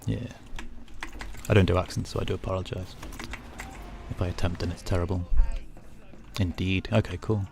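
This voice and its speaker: A man's voice: sits low, level tone, moderate pace, creaky, long pauses, a little mellow, slight background noise. A man with a Northern English accent near Scouse, chatting casually with viewers while gaming, easygoing and full of "like" and "you know". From North of England. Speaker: game streamer.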